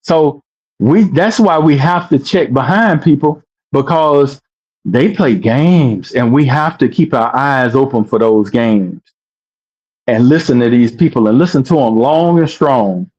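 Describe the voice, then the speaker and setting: A man in casual talk, speaking slowly and deliberately with fillers. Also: mid-range voice, expressive, darkish tone, slightly rough. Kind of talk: casual talk about media. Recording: dull lo-fi sound.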